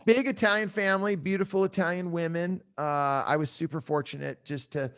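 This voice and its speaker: A middle-aged man doing a stand-up comedy set over a video call from his home, telling animated stories and acting out the voices of his family. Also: high voice, fairly quick. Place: home room in San Diego. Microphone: headphone mic on a video call. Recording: video call with loud audience laughter.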